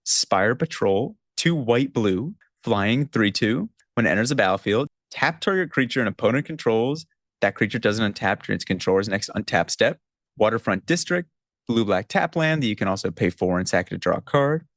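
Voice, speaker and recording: A man's voice: lowish voice, expressive, normal speed, dry recording, clean studio sound. A young man hosting a podcast, chatting casually and laughing a lot, reading items aloud. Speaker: podcast host. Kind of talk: casual chat, reading out card text.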